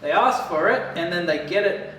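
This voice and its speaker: A man's voice: high-pitched, lively intonation, moderate pace, sharp tone, far from the mic. A man co-hosting a podcast in casual chat, dryly correcting and filling in story details. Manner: dry, corrects and adds plot details. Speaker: podcast co-host. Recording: echoey room, off-mic, faint noise.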